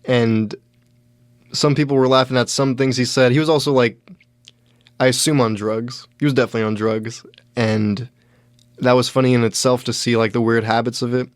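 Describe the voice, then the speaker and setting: A young male comedian tells a casual story on his podcast, halting and restarting often in a deadpan tone. The sound is dry and close, with no room echo. His voice sits at an ordinary male pitch. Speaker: podcast host, stand-up comedian.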